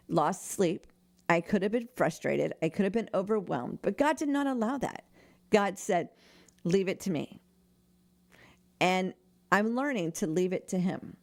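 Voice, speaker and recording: An older woman hosting a radio show, giving a casual devotional talk in an earnest, chatty way and laughing often. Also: fairly low pitch. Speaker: radio host.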